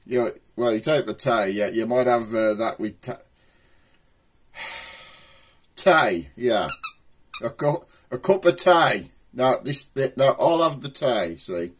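A man's voice: medium pitch, expressive, slow, long pauses, breathy edge. A middle-aged man with a broad Black Country accent, hosting a rambling, chatty comic show. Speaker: host. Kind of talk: casual comic monologue to camera.

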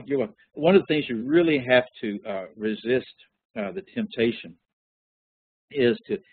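A lower-pitched man with a slightly husky voice teaches a scripture class, loose and chatty, stopping often to put questions to his students. The sound is dry and tinny, like a phone line. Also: no room sound. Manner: relaxed, conversational teaching with frequent fillers. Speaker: Bible study teacher. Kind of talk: interactive Bible lesson.

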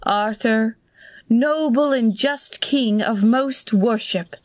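A polite formal herald, highish and slow, audio drama. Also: female voice, darkish tone. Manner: formal, courteous. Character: courtly woman escort, formal herald.

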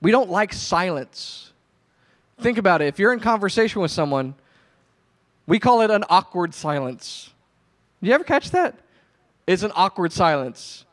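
Slightly high-voiced storytelling pastor. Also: male voice, normal speed. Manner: conversational storytelling, animated retelling. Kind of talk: sermon.

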